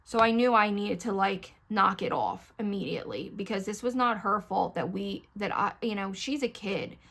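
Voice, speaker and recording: A woman's voice: mid-range voice, normal speed, creaky, a bit bright. A middle-aged woman talks straight into the camera at home as she does her makeup, chatty and candid. She rambles from one story to the next and keeps turning to her viewers. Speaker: beauty vlogger. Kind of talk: casual get-ready-with-me chat.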